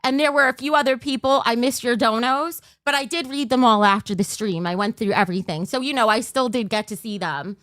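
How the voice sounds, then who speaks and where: A woman's voice: a little high, fairly quick, few pauses, fairly bright tone, dry recording, studio quality. An overtired woman hosting a casual livestream, rambling and losing her train of thought. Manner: bursts into a mock auctioneer patter. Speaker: livestream host.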